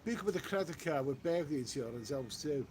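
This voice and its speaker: A man's voice: fairly high pitch, expressive, quick pace, a little mellow, a little hiss or hum. A man chatting casually on a live stream while out walking, reading viewer comments aloud and repeating himself. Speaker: travel vlogger reading live chat. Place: outdoors on a walk.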